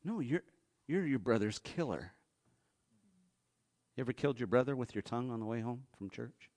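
A man preaching a sermon, animated, acting out Bible characters in high excited voices and dropping to a low hush for emphasis. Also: normal speed. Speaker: pastor.

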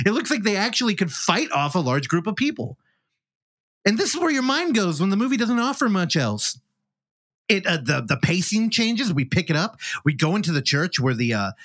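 A man's voice: on the high side, a bit bright, no room sound. A man hosting a film podcast, casually recapping a movie's plot with joking asides. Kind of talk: casual film review chat.

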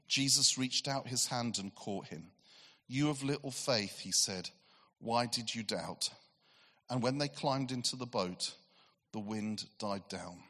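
A man preaching a sermon, telling a Bible story with animated delivery and acted-out voices, swinging from excited to hushed. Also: medium pitch. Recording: long hall reverb.

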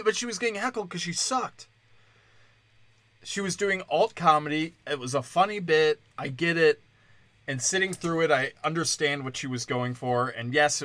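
A man's voice: a little high, bright, forceful tone, dry recording. A young man, a comedian hosting a podcast, ranting in a blunt, profane and mocking way. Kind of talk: casual comedic rant.

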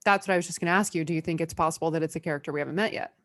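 Woman podcast cohost, low-ish voice, chatty, asks a lot, dry recording. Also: fairly bright tone, no room sound. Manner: chatty, questioning, quick asides. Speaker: podcast co-host. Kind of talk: casual chat.

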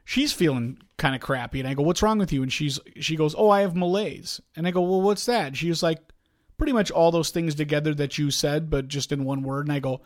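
A man's voice: a little high, fairly quick. A man in his forties, a podcast co-host, chatting casually and telling stories with acted-out dialogue. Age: 40s. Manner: animated storytelling, acts out quoted dialogue. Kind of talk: casual chat.

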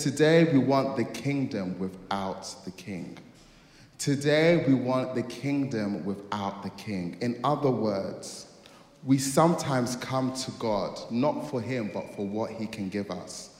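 Pastor preaching in echoey hall. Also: male voice, medium pitch. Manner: storytelling, acts out dialogue, dramatic outbursts. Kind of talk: sermon. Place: church hall. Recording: echoey hall with long reverb.

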